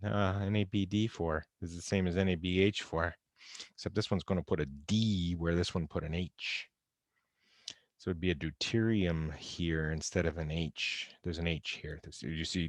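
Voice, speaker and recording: A man's voice: sits low, fairly even intonation, moderate pace, no echo. A man giving an informal, wry recorded chemistry lecture, going over exam answers and talking straight to his students. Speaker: chemistry instructor. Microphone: close computer mic on a video call recording.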